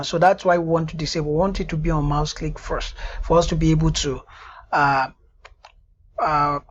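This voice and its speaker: Woman, software tutorial, keeps checking the viewer understands, slightly dull lo-fi sound. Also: mid-range voice. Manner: repeatedly checks "do you understand that now?". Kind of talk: screen-recorded tutorial.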